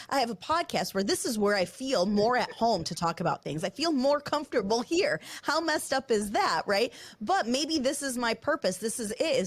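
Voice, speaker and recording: A woman hosting a podcast, speaking candidly and close to tears, rushing through her thoughts in quick bursts. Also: medium pitch, no echo. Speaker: podcast host. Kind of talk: emotional podcast conversation. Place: studio building.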